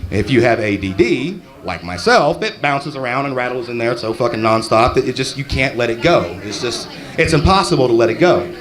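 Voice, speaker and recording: A man's voice: medium pitch, animated, fairly quick, fairly bright tone. A middle-aged man from Texas doing rambling, profane stand-up comedy at an open mic. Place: comedy club stage.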